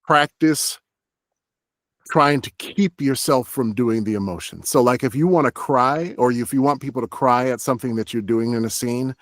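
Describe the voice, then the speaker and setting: A man's voice: medium pitch, normal speed, dry recording, clean studio sound. A young adult man, a voice actor, talking casually in an interview, rambling with many fillers and acting out short quoted lines. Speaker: voice actor guest.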